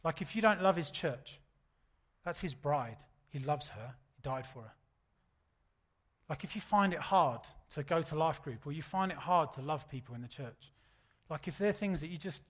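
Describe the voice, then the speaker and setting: A man, preaching a sermon in a relaxed, storytelling way. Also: fairly high pitch, normal speed. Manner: conversational, anecdotal preaching. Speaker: pastor.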